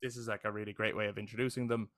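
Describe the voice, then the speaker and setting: A man's voice: on the low side, flat delivery, very fast, fairly bright tone. A young adult man co-hosting a podcast in casual chat, enthusiastic and casually swearing, often checking in with "right?". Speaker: podcast co-host.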